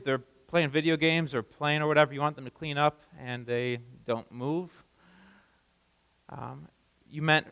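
A man's voice: fairly high pitch, moderate pace, fairly bright tone, clear, resonant tone, big-room sound, poor audio. A man giving a sermon as pastor, talking in a conversational way with frequent restarts and repeated words.

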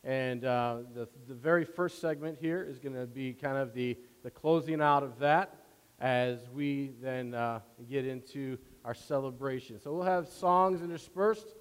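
A man's voice: medium pitch, unhurried, clean tone, big-room sound. A man preaching a sermon as pastor, casual and full of fillers, building in force.

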